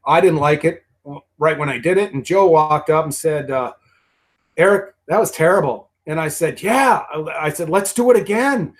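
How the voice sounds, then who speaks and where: A man talks as a guest on a commentary track. His voice sits a bit high, and he tells his stories in a loose, rambling way. He swears freely and keeps restarting his sentences. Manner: rambling and profane, many restarts and repeated words. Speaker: guest actor. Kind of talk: casual commentary storytelling.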